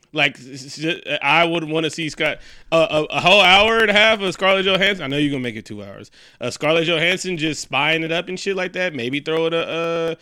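Bright-voiced man in loose, profane chat. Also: fairly high pitch, clean tone, dry recording, clean studio sound. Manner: profane, joking, animated storytelling. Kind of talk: casual movie recap chat.

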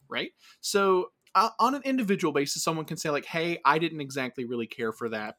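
A man's voice: mid-range voice, fairly bright tone. A young man co-hosting a casual podcast, talking in rambling bursts full of restarts and fillers. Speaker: podcast co-host. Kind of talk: casual comedy podcast chat.

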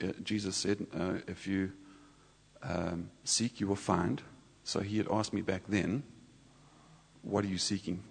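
A man sharing a personal sermon testimony in a church, conversational and halting, with many restarts. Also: fairly low pitch, creaky, breathy edge. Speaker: church speaker. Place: church hall. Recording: reverberant church hall.

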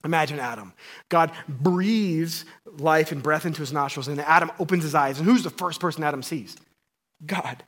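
A man's voice: on the high side, moderate pace. Conversational male pastor preaching. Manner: conversational and playful, with swings between loud emphasis and hushed tones. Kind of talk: sermon.

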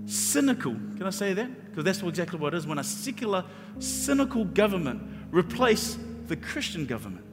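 A man preaching a sermon as pastor, impassioned and repetitive, acting out his own thoughts. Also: sits high. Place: church hall with long reverb. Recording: reverberant church hall.

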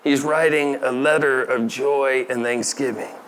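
A man's voice: mid-range voice, fairly even intonation, unhurried, a bit bright, a little hiss or hum. A middle-aged man preaching a sermon, talking casually and asking the audience questions. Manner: conversational, asks the audience questions, laughs lightly. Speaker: pastor.

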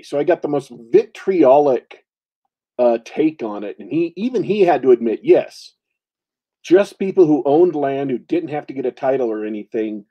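A man's voice: mid-range voice, dark tone, slightly rough. A man co-hosting a casual chat, rambling, laughing often and restarting his sentences. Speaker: podcast co-host. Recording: lo-fi, dull sound.

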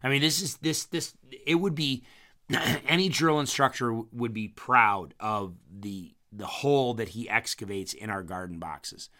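Bright-voiced man with a strained throat. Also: medium pitch, measured pace. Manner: rambling, repeats words, clears throat often. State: strained voice after hurting his vocal cords. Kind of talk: casual storytelling.

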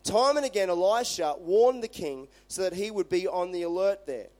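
Brief: male pastor, fairly high voice, conversational animated sermon delivery. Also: normal speed. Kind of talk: sermon with scripture reading.

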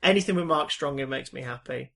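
A man co-hosting a casual film chat, excitable and animated, laughing often. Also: mid-range voice, fast talker, vocal fry. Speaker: podcast co-host.

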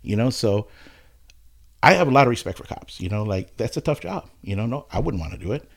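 Gravelly-voiced man telling a story. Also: medium pitch, a little fast. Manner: animated storytelling, acts out quoted voices. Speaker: storyteller in casual conversation. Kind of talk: casual chat.

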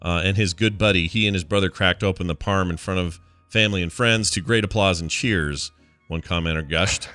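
A man's voice: sits low, normal speed, sharp tone, no echo, faint music behind. A man co-hosting a casual morning show, reading odd news stories aloud and adding wry side comments. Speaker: podcast co-host.

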